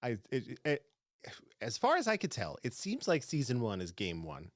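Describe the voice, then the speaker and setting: A man co-hosting a podcast in casual review chat, speaking in a thoughtful, measured and easygoing way. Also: mid-range voice, wildly swooping pitch, dry recording, clean studio sound. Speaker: podcast co-host.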